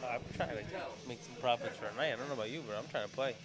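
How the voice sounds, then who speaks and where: A man's voice: medium pitch, racing, over loud music. A man commentating a pool match in a pool hall, explaining shots and teasing his co-host. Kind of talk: casual play-by-play commentary.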